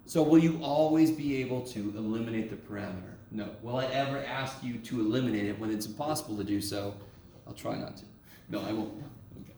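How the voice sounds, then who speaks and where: A man giving a casual, joking math lecture in a classroom, swearing now and then as he works through problems. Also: medium pitch. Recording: echoey classroom from a distance, faint room noise.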